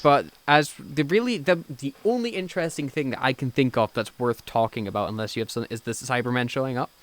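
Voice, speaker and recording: A man's voice: medium pitch, fairly quick, no echo. A man co-hosting a podcast review in loose, profane casual chat, often acting out lines from scenes. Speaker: podcast co-host.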